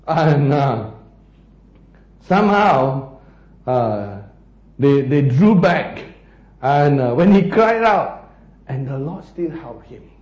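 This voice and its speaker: A man preaching a sermon, animated and often laughing as he acts out the story. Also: on the high side, takes it slowly, pauses often, reverberant, poor audio. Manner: animated, laughing, acting out scenes.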